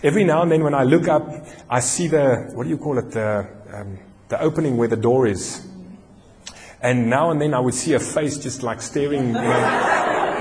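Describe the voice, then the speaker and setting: A male pastor with a South African accent preaching a sermon, telling a story in an animated way and slowing down for emphasis. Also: mid-range voice, background noise. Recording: long hall reverb.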